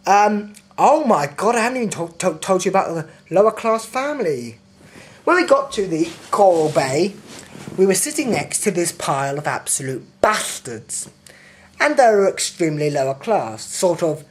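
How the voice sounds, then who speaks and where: A young man airs his grievances in a video diary, sweary and thoroughly indignant. His voice is very animated and swings widely in pitch. He piles on exaggeration as he goes. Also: normal speed, slight background noise. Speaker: vlogger.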